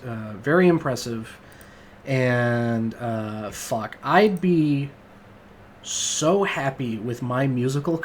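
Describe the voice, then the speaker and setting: A man's voice: medium pitch, fairly bright tone, a little hiss or hum. A man hosting a casual music review monologue, rambling and enthusiastic, with lots of fillers and swearing. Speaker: music podcast host.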